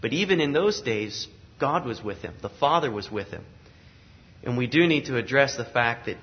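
A man preaching a sermon in an earnest way, building emphasis through repeated phrases. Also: medium pitch. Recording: slightly dull lo-fi recording.

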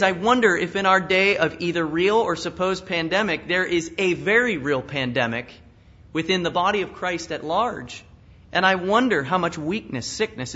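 A man's voice: fairly high pitch, pushed and bright. A pastor preaching an expository sermon in an earnest manner, asking questions and chuckling at his own asides. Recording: dull lo-fi sound.

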